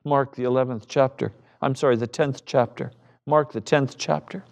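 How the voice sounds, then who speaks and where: A middle-aged male pastor preaching a sermon with passion, now and then bursting into shouted quoted voices. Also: medium pitch, fairly even intonation, moderate pace, creaky.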